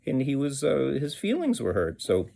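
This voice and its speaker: A man's voice: medium pitch, wildly swooping pitch, moderate pace, creaky, mellow. A man, a children's musician, telling a story in a rambling, hesitant way with many fillers. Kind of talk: casual storytelling with sung song.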